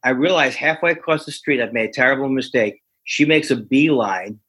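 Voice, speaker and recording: A comedian, a man, telling a rambling, self-deprecating story with many halting restarts. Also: medium pitch, fairly bright tone, slightly rough. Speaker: stand-up comedian, guest. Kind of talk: anecdotal storytelling.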